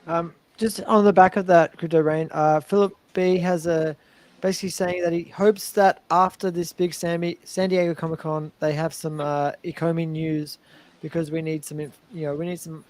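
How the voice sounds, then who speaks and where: A man's voice: fairly high pitch, flat delivery, normal speed, darkish tone, no echo. A man co-hosting a casual livestream, reading viewer questions in a hesitant way with many fillers.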